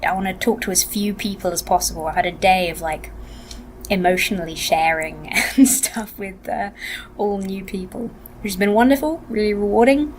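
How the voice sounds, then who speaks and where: A tired woman vlogging casually from a hotel room into a laptop webcam, rambling and soft-spoken, sometimes drifting into whispers. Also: normal speed. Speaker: vlogger and actor. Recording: noisy low-quality webcam audio.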